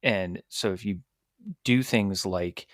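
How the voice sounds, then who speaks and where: A man's voice: sits low, takes it slowly, no echo, clean studio sound. A man co-hosting a podcast, chatting casually and giving earnest, practical advice. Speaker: podcast co-host. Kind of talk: casual chat.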